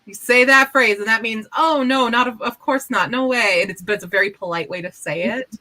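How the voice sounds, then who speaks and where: A woman in casual chat, an animated storyteller who swears freely and acts out quotes. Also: on the high side, fairly quick, low-quality recording.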